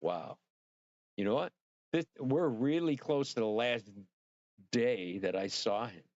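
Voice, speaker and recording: A man hosting a casual livestream, rambling and excitable, swearing freely and talking straight to his viewers. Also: mid-range voice, slow, dry recording, dull audio. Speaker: livestream host.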